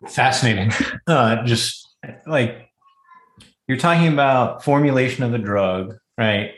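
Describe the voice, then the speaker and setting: A man hosting a podcast interview, asking halting, filler-heavy questions. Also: medium pitch, fairly bright tone. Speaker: podcast host. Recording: echoey room.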